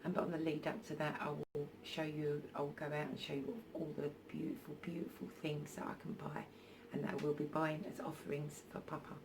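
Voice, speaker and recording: Hesitant woman, low voice. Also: flat delivery, a little fast, vocal fry, few pauses, noisy background. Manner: hesitant, many ums and restarts. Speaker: spiritual vlogger. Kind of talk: casual storytelling vlog. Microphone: phone.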